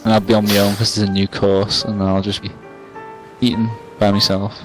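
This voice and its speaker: A man's voice: on the low side, level tone, normal speed, over music, poor audio. A tipsy young man, rambling and swearing as he tells a self-mocking story to the camera.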